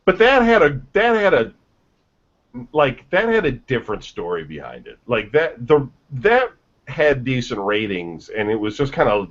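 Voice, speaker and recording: A man's voice: medium pitch, moderate pace. A man co-hosting a casual gaming news radio show, ranting with strong opinions and frequent swearing. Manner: opinionated, swearing, animated rants. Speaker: podcast co-host. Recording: lo-fi muffled audio.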